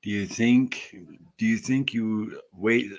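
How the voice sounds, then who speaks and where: A man in his forties with a lowish voice, co-hosting a casual live Q&A. He is easygoing and jokey, and reads viewer comments out loud as he goes. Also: steady tone, takes it slowly. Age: 40s. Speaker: co-host reading viewer comments.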